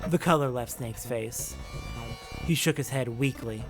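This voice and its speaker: A let's play host reading a visual novel aloud, with animated, reactive commentary between passages. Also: mid-range voice, a little slow, over music.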